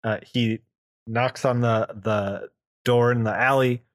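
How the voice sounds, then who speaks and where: A man's voice: medium pitch, steady tone, no echo, studio quality. Man recapping a comic with quoted voices. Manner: retells the plot with quick quoted voices and laughs. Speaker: podcast co-host. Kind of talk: casual comic book recap.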